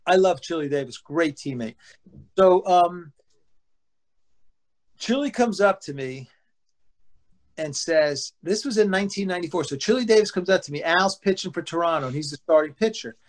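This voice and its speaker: High-voiced former ballplayer telling stories. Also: male voice, moderate pace, pauses often. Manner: animated, acts out teammates' lines in quotes; swears casually. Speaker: former baseball pitcher as guest. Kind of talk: casual anecdotal storytelling.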